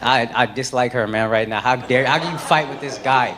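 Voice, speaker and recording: A male stand-up comedian doing brash, profane crowd work on a comedy club stage, swinging from teasing to shouted mock outrage. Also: mid-range voice, a little fast. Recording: roomy club sound with loud crowd laughter. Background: crowd laughter.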